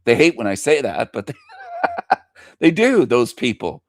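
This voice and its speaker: A man's voice: mid-range voice, sing-song, measured pace, no room sound, clean studio sound. A man hosting a radio show, delivering an opinionated monologue with emphatic repetition and frequent chuckles. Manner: emphatic, repeats himself, chuckles between lines.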